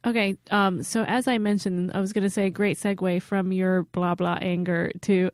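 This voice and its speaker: A woman's voice: lowish voice, little pitch movement, moderate pace, few pauses, no room sound. A woman co-hosting a comedy podcast, teasing the host with dry sarcasm and reading a sponsor spot. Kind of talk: casual comedy banter and ad read. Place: podcast studio.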